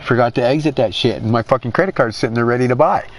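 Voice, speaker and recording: A man's voice: mid-range voice, racing. A man hosting a racing league stream, telling rambling stories in casual talk and swearing constantly. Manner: rambling, swears constantly, mimics others in quotes. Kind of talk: casual profane storytelling.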